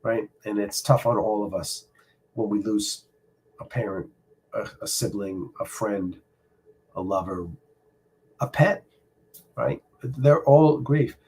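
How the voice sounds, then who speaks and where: A middle-aged man hosting a casual live stream from home, speaking personally and reflectively, halting often with fillers. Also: lowish voice, darkish tone, husky. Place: home room.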